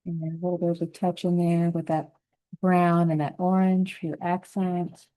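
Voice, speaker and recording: Lady painting teacher, lowish mellow voice, calm and easygoing, talks thru every stroke. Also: poor audio. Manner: gentle, unhurried, thinking aloud while painting. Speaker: painting instructor. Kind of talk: step-by-step painting lesson.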